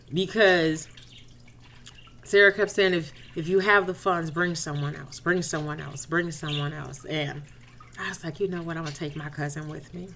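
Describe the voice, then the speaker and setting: A woman's voice: low voice, fairly bright tone, slight background noise. Woman telling a faith testimony. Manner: conversational, addresses listeners directly; retells dialogue expressively. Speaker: inspirational speaker.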